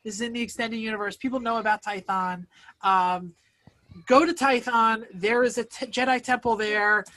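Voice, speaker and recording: A man's voice: high voice, fairly even intonation, moderate pace, bright, forceful tone. A man hosting a casual podcast chat, recapping a plot at length and stopping to explain the background. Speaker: podcast host.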